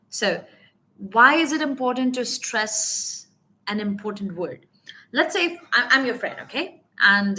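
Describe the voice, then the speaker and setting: A woman coaching business English in a live online lesson, talking animatedly and checking in often with her viewers. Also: medium pitch. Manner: animated teaching with repeated check-ins. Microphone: webcam or phone mic on a live stream.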